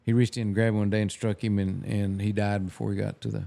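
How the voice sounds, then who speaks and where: An older man, a guest telling folksy stories in a halting, restarting way. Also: lowish voice, little pitch movement, vocal fry, dark tone. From Texas. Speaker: guest photographer. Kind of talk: casual storytelling.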